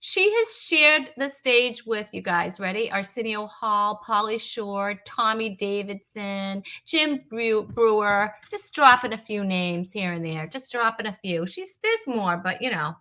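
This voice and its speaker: A woman's voice: medium pitch, expressive, measured pace, few pauses, pushed and bright. A woman from Rhode Island hosting a live comedy web show, chatting casually, joking and greeting viewers by name with self-deprecating asides. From Rhode Island, USA. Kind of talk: casual live-stream chat.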